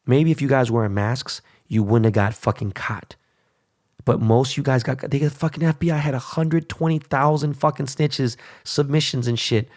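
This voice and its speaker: A man's voice: medium pitch, a little mellow. Profane, heated male podcast host. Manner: heated, profanity-laced, blunt. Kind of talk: profane solo rant.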